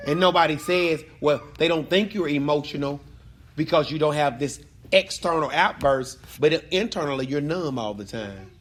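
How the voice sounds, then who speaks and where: A man teaching an evening Bible study group, animated and repetitive, calling on people by name and prompting answers. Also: fairly high pitch, moderate pace. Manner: animated, repeats phrases, calls on students.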